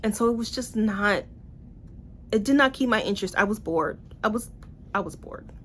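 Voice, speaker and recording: A young woman casually reviewing books in a vlog, blunt and animated, with swearing and playful asides. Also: mid-range voice, moderate pace, slight background noise. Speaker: book reviewer.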